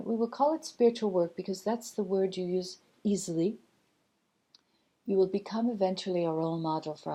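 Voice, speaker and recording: A woman channeling a calm teaching spirit. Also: fairly low pitch. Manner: slow, measured, gently instructive, many pauses. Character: collective loving spirit guide, calm and teaching.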